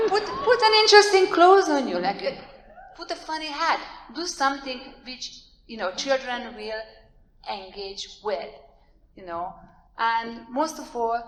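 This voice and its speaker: A woman with a strong foreign accent giving an animated, plain-spoken conference talk, urging her listeners on. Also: a little high. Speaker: workshop speaker. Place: lecture hall. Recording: echoey hall, amplified.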